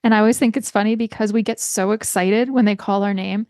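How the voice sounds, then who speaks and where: A middle-aged woman talks alone into the mic for her podcast, telling a story and working herself up into a passionate call to action. She leans on repetition for emphasis, and her voice sits at an ordinary pitch. The sound is dry and close, with no room around it. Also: steady tone, a little fast, darkish tone, no echo. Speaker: podcast host. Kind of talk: solo podcast monologue.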